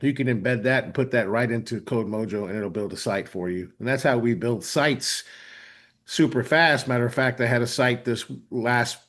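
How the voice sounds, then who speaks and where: A man's voice: mid-range voice, moderate pace, a bit bright. A man hosting a live online webinar demo, talking with enthusiasm and often checking in with "right?". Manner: enthusiastic, frequent "right?" tags. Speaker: host.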